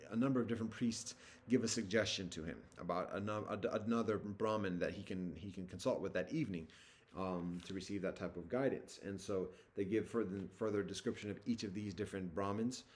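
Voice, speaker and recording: A man with a lowish voice walks listeners through a scripture. He reads passages in a formal tone, then retells them casually and hesitantly, full of fillers and restarts. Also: a little fast. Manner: alternates formal scripture reading with loose slangy retelling. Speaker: teacher walking through a scripture. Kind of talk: casual reading and explanation of a sacred text.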